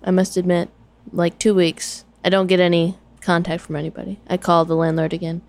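A woman telling a story in a casual chat, animated and acting out the voices of other people. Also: fairly low pitch, fairly quick.

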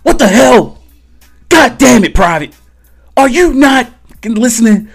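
A man voicing a short, ferocious male Army drill sergeant who bellows and curses in a Lower Alabama country drawl. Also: wildly swooping pitch, moderate pace, fairly bright tone, soft background music, exaggerated voice. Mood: yelling. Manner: bellowing, cursing, furious.

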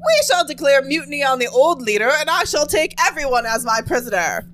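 A pompous self-appointed leader declares a takeover in slow, lofty proclamations, as a woman puts on the voice. The delivery is bright and lively, rising and falling with grand flourishes. It is a playful imitation rather than a full character voice. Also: high-pitched, slight background noise. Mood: grandiose.

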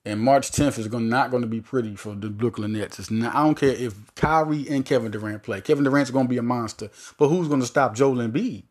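A man hosting a solo sports podcast, talking in a rambling, animated way with many restarts and fillers. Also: medium pitch, fairly quick, hardly any pauses.

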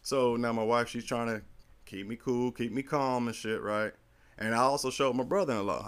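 A middle-aged man in casual chat, telling a long story in a rambling, animated and profane way. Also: medium pitch, moderate pace, clean tone.

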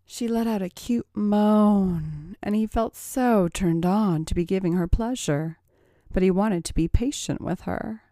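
Slow, sultry woman narrator. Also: medium pitch, mellow, no echo, studio quality. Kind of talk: erotic audio story narration.

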